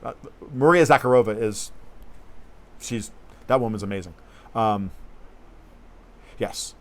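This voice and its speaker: A man's voice: fairly low pitch, a little slow. Blunt, rambling male livestream host. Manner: rambling, blunt and profane, reading viewer comments aloud. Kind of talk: casual political livestream commentary.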